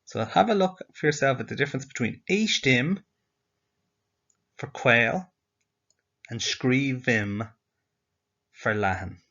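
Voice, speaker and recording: A man's voice: medium pitch, big pitch swings, fairly quick, hardly any pauses, fairly bright tone, slightly rough. A male teacher giving a slide-based language lesson, explaining patiently step by step and asking the learner questions. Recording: dull lo-fi audio.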